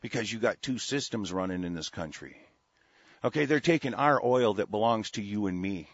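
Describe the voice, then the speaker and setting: A man's voice: lowish voice, expressive, moderate pace, no echo. A man ranting angrily about politics as a show host, swearing often and restarting his sentences. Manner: profane, heated, many restarts. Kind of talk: angry political rant. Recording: dull lo-fi dry recording.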